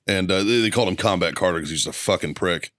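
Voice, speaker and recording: Fast, low-voiced veteran co-host, swears freely while telling stories. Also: male voice, no echo, studio quality. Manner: profane, animated storyteller. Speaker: podcast co-host, Marine veteran. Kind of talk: casual chat.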